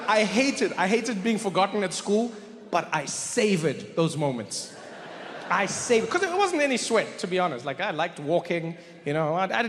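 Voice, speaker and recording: High-voiced man telling a stand-up story. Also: in a large hall, slight background noise. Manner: animated storytelling, jumping into voices. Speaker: stand-up comedian.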